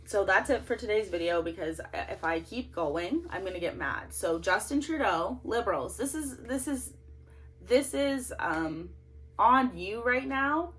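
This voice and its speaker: A woman's voice: medium pitch, fairly bright tone. A woman, delivering an indignant, emotional monologue to camera. She records in a small home closet without a microphone. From Canada. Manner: ranting, indignant, voice swinging up and down. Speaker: political vlogger. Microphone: no microphone, camera's built-in mic.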